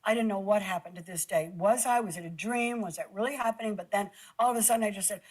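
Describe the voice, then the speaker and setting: A woman telling a personal story in a halting way, stumbling and repeating words, close to tears. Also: medium pitch, rough recording. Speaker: guest recounting an experience.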